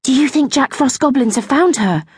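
A woman's voice: lively intonation, moderate pace, breathy edge, dry recording, studio quality, full character voice. A woman voicing a cheerful, curious young girl in a storybook, with a raised girlish tone. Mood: eager. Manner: bright, raised girlish pitch.

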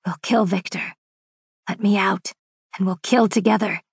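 A woman's voice: mid-range voice, fairly even intonation, moderate pace, vocal fry, breathy edge, no echo, clean studio sound. A woman voicing a hungry shadow-wolf spirit in an audiobook, coaxing and menacing. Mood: menacing hunger.

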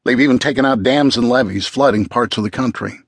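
A male narrator voicing a calm, commanding middle-aged father who gives firm, steady instructions. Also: mid-range voice, brisk, breathy edge, no room sound, studio quality. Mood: urgent.

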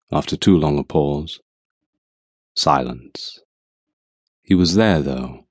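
Super deep guy narrating an audiobook, slow brooding first person, dry studio sound. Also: a little mellow, no echo. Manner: measured, introspective, brooding.

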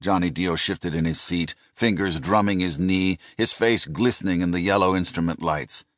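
A man narrating a thriller audiobook in a measured, descriptive manner. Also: sits low, fairly bright tone, no room sound, clean studio sound. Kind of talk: scripted narration.

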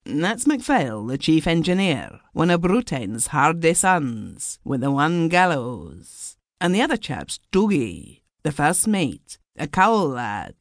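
A woman's voice: sits low, very animated, slow, few pauses, no echo, studio quality, heavily acted. A woman voicing a jovial middle-aged Scottish steamboat captain who speaks in broad dialect. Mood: hearty.

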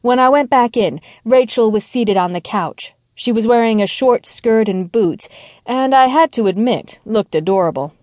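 A woman's voice: fairly high pitch, moderate pace, darkish tone, no echo. A woman narrating a first-person mystery audiobook with wry, dry humor, on a close studio mic.

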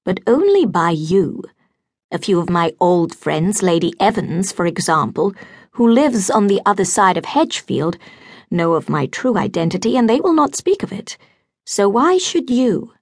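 A woman voicing a gentle older spinster governess in an audiobook, earnest and pleading. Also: medium pitch, big pitch swings, moderate pace, no echo, studio quality.

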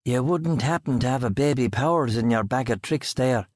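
A woman's voice: rumbling low, moderate pace, darkish tone, no room sound, studio quality. A man voicing a young mother in labour, her speech slurred and joking. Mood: slurred cheeky. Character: young Irish mother in labour, cheeky and groggy.

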